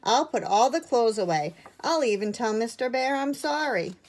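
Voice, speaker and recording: A woman's voice: on the high side, animated, normal speed, voice pushed up, close to an everyday voice, low-quality recording. A woman voicing a bossy, mischievous small male teddy bear in a storybook reading. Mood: coaxing. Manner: bold, scoffing.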